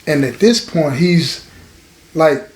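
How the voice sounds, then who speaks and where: A man's voice: a little high, lively intonation, slow, darkish tone, reverberant. A man telling listeners a prison story, talking to them directly and repeating phrases for effect. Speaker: storyteller host.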